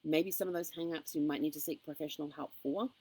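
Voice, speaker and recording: A woman's voice: low-pitched, steady tone, quick pace, darkish tone, breathy edge, rough recording. A woman giving an upbeat, encouraging motivational vlog to camera, with frequent ums. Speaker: motivational vlogger. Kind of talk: casual motivational talk to camera.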